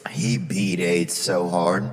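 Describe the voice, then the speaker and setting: A man's voice: low voice, flat delivery, slow, long reverb tail. A man hosting a podcast, telling a rambling story in casual chat and swearing freely. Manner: rambling, drawling storyteller who swears a lot. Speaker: podcast host.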